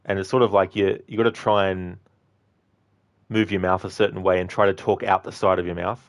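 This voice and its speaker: Deep-voiced chatty streamer. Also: male voice, flat delivery, fairly quick. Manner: chatty, thanks viewers by name, rambling asides. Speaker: game streamer. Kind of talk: casual livestream chat.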